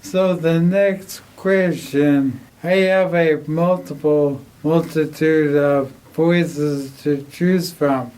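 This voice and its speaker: A man co-hosting a casual podcast, making dry, unhurried remarks. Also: a little high, steady tone, darkish tone, low-quality recording. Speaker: podcast co-host.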